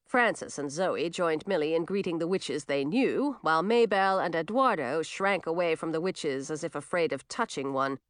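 A woman narrating a storybook in an expressive, animated way. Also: low voice, normal speed, few pauses, no echo.

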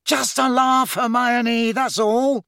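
A man's voice: very high-pitched, little pitch movement, slow pace, gravelly, pushed and bright, clear, resonant tone, dry recording, studio quality, pitched above the performer's own voice, full character voice. A man voicing an easygoing, joking teenage schoolboy wizard in an audiobook, offhand and amused. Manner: laughing, offhand.

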